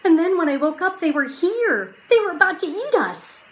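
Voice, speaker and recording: A woman doing a young boy shouting high and fierce. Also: big pitch swings, normal speed. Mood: urgent. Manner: loud shouting, high and strained. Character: brave young boy, fierce when scared.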